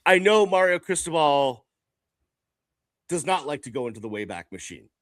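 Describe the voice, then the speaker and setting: A man's voice: fairly high pitch, very animated, no room sound. Reflective man in a dry room. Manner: measured, reflective, filler-heavy. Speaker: podcast host. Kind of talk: casual sports podcast chat.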